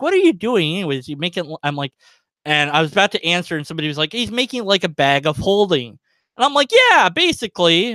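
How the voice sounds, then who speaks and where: A man's voice: fairly high pitch, fairly bright tone, clear, resonant tone, no echo. A man telling a long, rambling story on his livestream, chuckling as he goes, full of fillers. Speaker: livestream host. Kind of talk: casual storytelling.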